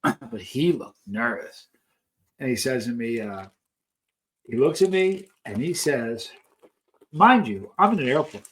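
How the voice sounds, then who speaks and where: A man's voice: mid-range voice, expressive, unhurried, long pauses. A man vlogging, telling a long personal story in a chatty, anecdotal way while he tries snacks. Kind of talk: casual storytelling while taste-testing snacks.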